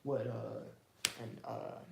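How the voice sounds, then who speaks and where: A man's voice: lowish voice, fairly even intonation, very slow, creaky, roomy sound, a crowd in the background. A man teaching the Bible in a casual, streetwise way, firing off emphatic rhetorical questions.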